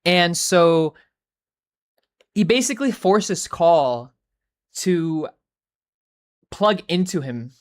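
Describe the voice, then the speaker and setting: A woman's voice: on the low side, animated, extremely slow, pauses often. Rambling, cussing woman streamer. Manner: rambling, profane, filler-heavy. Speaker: livestreamer. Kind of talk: casual chat.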